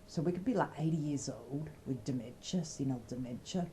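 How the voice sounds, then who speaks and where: Australian woman, low mellow voice, rambling cheeky comic chat. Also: a little fast, a little hiss or hum, poor audio. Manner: rambling, cheeky, bawdy humor. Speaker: comedy skit presenter. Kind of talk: casual comedic chat.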